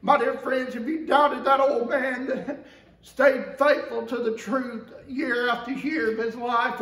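High-voiced impassioned male preacher, echoey church. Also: a bit bright. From Georgia, USA. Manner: impassioned preaching with big swings of pitch and volume. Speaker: pastor. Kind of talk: sermon. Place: church sanctuary. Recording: echoey church from the mic's distance.

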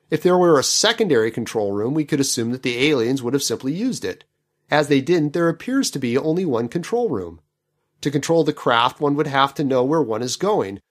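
A man hosting a podcast, picking apart a novel's plot with wry skepticism. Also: on the high side. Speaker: podcast host. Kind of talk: book commentary podcast.

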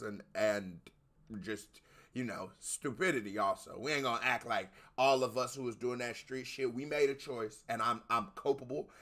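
An American man in casual commentary as a reaction video host, animated and loose with swearing. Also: mid-range voice. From United States. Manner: animated, swearing, talks over the track.

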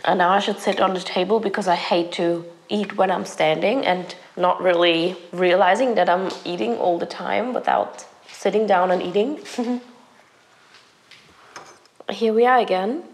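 A young woman, sick and hoarse, chatting casually to viewers while cooking in her home kitchen. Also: mid-range voice, fairly even intonation, normal speed. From Germany. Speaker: lifestyle vlogger. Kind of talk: casual cooking vlog chat.

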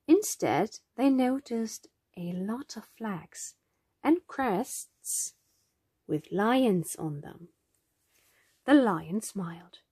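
A woman narrating a children's storybook in a gentle, expressive way. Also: mid-range voice, drawn-out words, breathy edge, no echo, studio quality.

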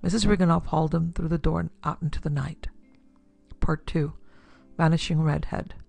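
Gravelly woman narrating a pulp story. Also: low-pitched, steady tone, normal speed, darkish tone, dry recording, soft background music. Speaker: narrator and producer. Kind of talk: scripted audiobook narration.

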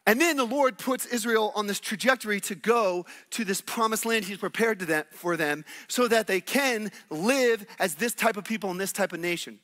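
An animated male pastor preaching with playful energy and acting out the characters. His voice sits high and rings bright and forceful. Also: moderate pace, few pauses. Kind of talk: sermon.

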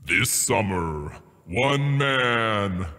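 A man putting on a booming movie-trailer announcer voice with slow, dramatic delivery. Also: lively intonation, exaggerated voice. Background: loud music.

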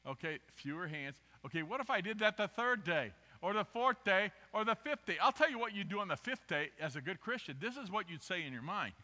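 Bright-voiced preacher in a reverberant church. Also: male voice, high voice, fairly quick, hardly any pauses. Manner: animated, interactive with the congregation, asks for raised hands; swings from quiet asides to loud emphatic bursts. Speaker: guest preacher. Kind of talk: sermon. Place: church sanctuary. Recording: long reverb of a church hall.

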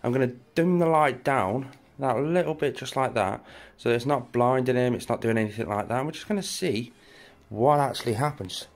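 A man's voice: medium pitch, normal speed. British man giving a night reptile tour. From England. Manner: chatty, talks to his animals. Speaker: reptile keeper and channel host. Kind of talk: casual walk-through narration. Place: reptile room at night, indoors.

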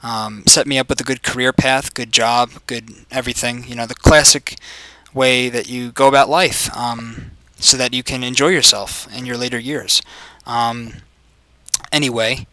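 A man's voice: medium pitch, fairly even intonation, unhurried, dry recording. Rowdy, foul-mouthed young gaming commentator man. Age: 20s. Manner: profane, rowdy, shouts greetings at other players. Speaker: gameplay commentator.

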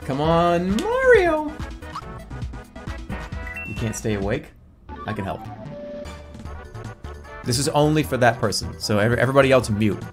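A man streaming a video game, talking to chat in an animated way with sudden yelps and casual swearing. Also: mid-range voice, moderate pace, pauses often. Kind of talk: live gaming stream commentary. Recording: game music in background.

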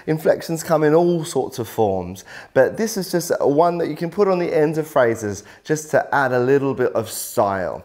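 A man's voice: a little high, expressive, moderate pace, few pauses, a little mellow. A man teaching singing in an instructional video workshop, explaining in an encouraging way. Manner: encouraging, explains with many "lovely" and "little". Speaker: vocal coach.

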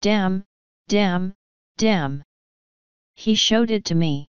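A woman's voice: medium pitch, drawn-out words, clear, resonant tone, no room sound, lo-fi sound. A woman reader voicing a weary, bitter male city watch commander in a curt manner.

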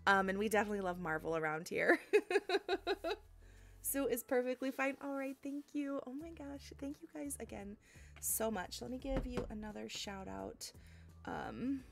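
A woman streamer chatting casually with her live audience, bubbly and giggly, thanking viewers warmly. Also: sits high, lively intonation, moderate pace. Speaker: game streamer. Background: faint lo-fi music.

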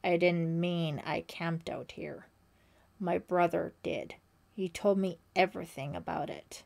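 A teenage boy at a summer camp, his voice gone slow, remote and quietly menacing, as a woman reading the story puts him on. The tone stays mellow and soft. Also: medium pitch, close to an everyday voice. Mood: strange remote. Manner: slow, remote, strange-sounding.

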